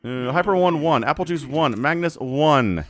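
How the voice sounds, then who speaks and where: A man casting a strategy game match, animated and excitable, quickly voicing the players in asides. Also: on the high side. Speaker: game caster.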